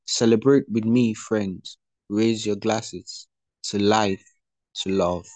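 A man reading as a tender male lover, slow and low. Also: fairly even intonation, a little mellow, no room sound. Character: adoring young male lover.

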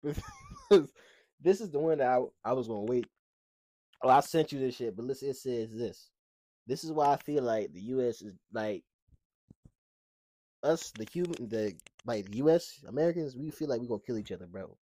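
A man co-hosts a casual podcast, reacting to the news in loose slang and joking with his partner. He stumbles over words now and then, in a mid-pitched voice recorded dry and close. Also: animated, moderate pace, pauses often, mellow, no room sound. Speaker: podcast co-host.

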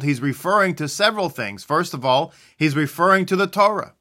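A man with a fairly high, bright voice gives a religious teaching. He talks casually, poses questions and answers them himself, and stresses key phrases. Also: expressive, a little fast. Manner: conversational, asks and answers his own questions.

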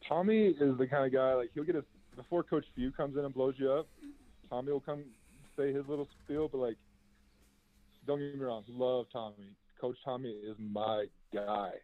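A man's voice: mid-range voice, fairly even intonation, normal speed. A young man, a former college basketball player, answering interview questions in a laid-back, chatty way full of fillers. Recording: tinny phone-like line, dry.

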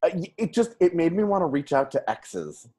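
A woman's voice: lowish voice, sing-song, moderate pace, dark tone, slightly rough. A woman co-hosting a podcast in casual chat, bubbly and giggly, rambling between stories. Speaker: podcast co-host.

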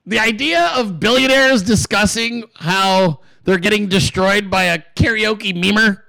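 A man's voice: sits high, takes it slowly, vocal fry, pushed and bright, dry recording. A male host ranting casually, swearing a lot, mocking his targets, and laughing often. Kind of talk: casual commentary rant.

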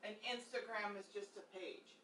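A woman's voice: mid-range voice, steady tone, moderate pace, sharp tone. A woman co-hosting a casual podcast, chiming in with short, blunt remarks. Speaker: podcast co-host. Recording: distant, roomy, faint hiss.

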